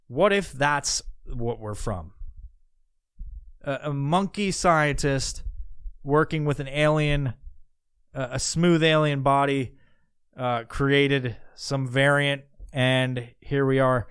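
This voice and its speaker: A man's voice: mid-range voice, fairly bright tone, clean tone, no room sound, clean studio sound. A man hosting a podcast, rambling casually in profane talk with many restarts. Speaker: podcast host.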